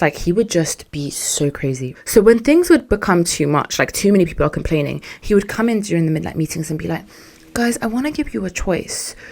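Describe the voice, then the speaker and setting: Young woman podcaster venting, slangy and animated, lowish voice. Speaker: podcast host. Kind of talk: casual storytelling monologue.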